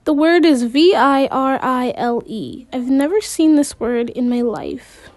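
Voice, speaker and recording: A woman's voice: high voice, expressive, a little slow, darkish tone, no room sound. Woman reading a story aloud, slips and restarts now and then, dry close sound. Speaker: amateur audiobook reader. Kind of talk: reading a novel aloud in first person.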